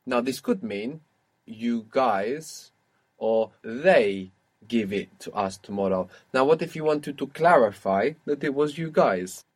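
A man's voice: medium pitch, animated, slow. A man teaching a language lesson, patiently prompting a learner and confirming her answers.

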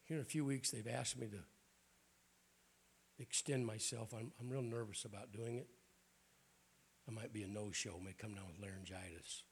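A man's voice: lowish voice, normal speed, creaky, long pauses, husky. A middle-aged man with a Southern US accent, preaching a folksy, joking sermon in a church. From American South. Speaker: guest preacher. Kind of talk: humorous sermon.

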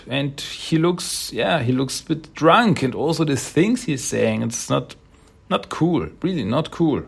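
A man's voice: fairly high pitch, lively intonation, measured pace, vocal fry, husky. A man casually recapping a comic book issue in a rambling, hesitant way, with many restarts and chuckles.

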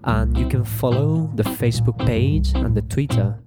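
A man teaching a beginner English lesson. He speaks patiently, repeats each word and adds quick translations, often checking with okay. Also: mid-range voice, over loud music. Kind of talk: slow bilingual beginner lesson.

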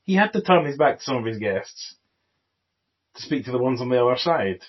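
A man's voice: medium pitch, animated, fairly quick, slightly rough. A man co-hosting a casual film podcast, chatty and wry, often trailing into asides. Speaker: podcast co-host. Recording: muffled, dull home recording.

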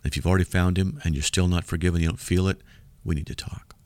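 A man's voice: sits low, steady tone, quick pace, a little mellow, no echo. A man hosting a Christian call-in radio show, talking emphatically and in a preachy way, his voice climbing sharply when he argues.

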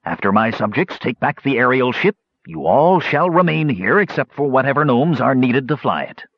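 A man's voice: mid-range voice, sing-song, moderate pace, breathy edge, dry recording. Guy doing a crazy old gnome king, giggly and mean, dull dry recording. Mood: mocking. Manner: idle, mocking, sing-song menace.

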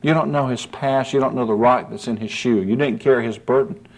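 A man's voice: medium pitch, fairly quick, gravelly. A man preaching a sermon in an earnest, folksy way, often asking "see?" and building to emphatic peaks.

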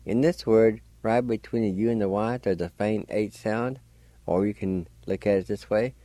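A man's voice: fairly low pitch, fairly even intonation, normal speed, warm tone, no room sound. A man teaching language on the radio, patiently spelling out and pronouncing words letter by letter. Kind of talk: slow spelling and pronunciation lesson.

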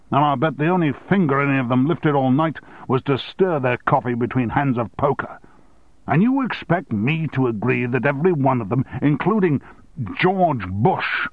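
A man reading an audiobook and voicing a blustering, domineering male newspaper owner who talks loudly and impatiently. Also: no room sound, close to an everyday voice. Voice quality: loud, booming. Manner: bullying, impatient.

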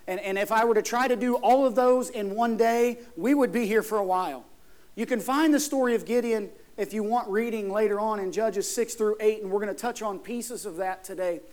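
High-voiced man preaching a sermon. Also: a little mellow. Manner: conversational, emphatic, asks the congregation questions. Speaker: pastor.

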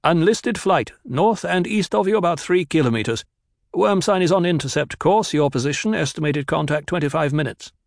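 A man's voice: fairly high pitch, animated, fast talker, vocal fry, dry recording, clean studio sound, pitched above the performer's own voice. Kynes, a man voicing a clipped desert ecologist. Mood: urgent, formal. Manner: clipped, businesslike radio calls.

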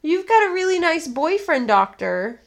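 A woman's voice: very high-pitched, very animated, moderate pace, vocal fry, over a noisy crowd. A woman chatting casually about a movie, making crude, giggly jokes. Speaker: podcast co-host. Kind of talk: casual movie commentary chat.

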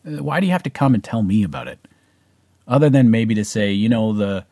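A man's voice: medium pitch, very animated, fairly quick, darkish tone, breathy edge, no room sound, clean studio sound. A middle-aged man with a Canadian accent, telling a personal story in a casual, rambling way with many fillers and restarts. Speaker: vlogger.

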